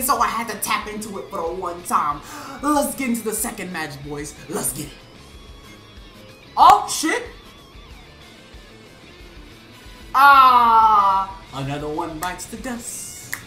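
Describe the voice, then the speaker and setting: A woman's voice: medium pitch, fairly bright tone. A young woman hosting a gaming channel, giving hyped, slangy live commentary on her matches and calling out opponents. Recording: roomy room sound.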